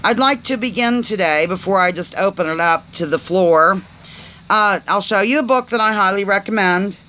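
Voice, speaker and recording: A chatty woman hosting a casual live stream, with a playful, rambling way of talking and a bright, sharp tone. She reads aloud in fits and starts and cheerfully trips over words as she goes. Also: mid-range voice, normal speed, low-quality recording. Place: on a porch, outdoors.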